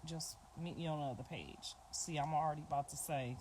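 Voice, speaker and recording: A woman's voice: low-pitched, fairly quick, heavy background noise. A middle-aged woman and grandmother talking bluntly and emphatically to viewers on a livestream, repeating her points. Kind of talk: casual livestream talk to viewers.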